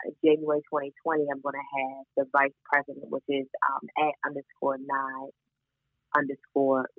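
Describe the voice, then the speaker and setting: A woman's voice: very deep voice, no echo. Baltimore-accented woman guest, emphatic chat, a bit lo-fi and dry. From Baltimore, USA. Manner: animated, emphatic, laughs often. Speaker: podcast guest, founder of a moms' community. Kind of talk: casual chat.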